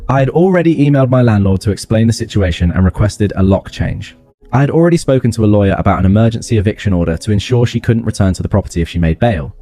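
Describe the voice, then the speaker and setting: A man narrating a first-person story in a flat, calm, matter-of-fact way. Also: on the low side, fast talker.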